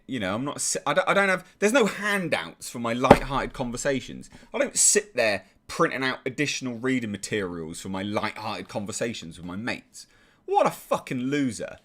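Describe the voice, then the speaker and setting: A man's voice: medium pitch, very animated, moderate pace, fairly bright tone. A man with an English accent giving casual, sarcastic commentary, exasperated and swearing freely. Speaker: YouTube commentator.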